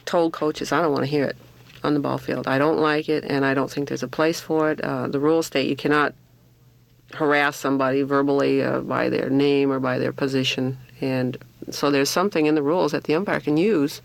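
A gravelly man from Alaska talks as a softball umpire in a relaxed radio chat. He sounds firm and plain-spoken, with a steady middle pitch. He tells stories in a matter-of-fact way. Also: brisk, dry recording. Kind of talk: casual radio talk.

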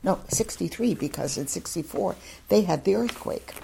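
Brief: older woman interviewee, low gravelly husky voice, chatty and outspoken, rambling stories. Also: expressive, normal speed, warm tone. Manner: talkative, frank, wandering anecdotes. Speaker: interviewee, former German teacher. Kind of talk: oral history storytelling.

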